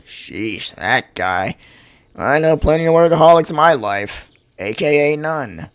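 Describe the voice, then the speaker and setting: A man's voice: mid-range voice, vocal fry, no echo. A man reading the lines of a cheerful male party organizer who gives upbeat orders. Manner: upbeat, bossy reading of game dialogue.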